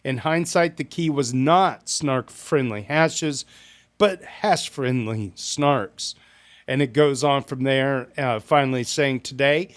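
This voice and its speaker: A man hosting a live stream, reading community forum posts aloud with playful asides and bits of hype. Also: medium pitch.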